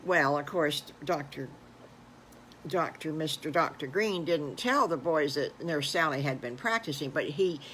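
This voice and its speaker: An older woman, a grandmother, improvising a children's story in a gentle, folksy, unhurried way. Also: deep voice, slight background noise, rough recording.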